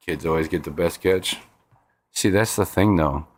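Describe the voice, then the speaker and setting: Very deep-voiced laid-back man. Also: normal speed, a little mellow. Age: adult with a five-year-old. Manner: laid-back, rambling, repeats words. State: stiff sore neck. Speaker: livestream host. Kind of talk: casual chat reading viewer comments.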